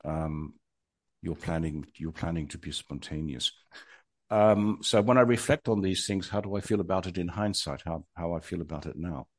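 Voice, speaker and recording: A man's voice: low-pitched, moderate pace, no echo. A man in his sixties, answering interview questions in a reflective, hesitant way with many ums and wry humor. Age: 60s. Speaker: guest.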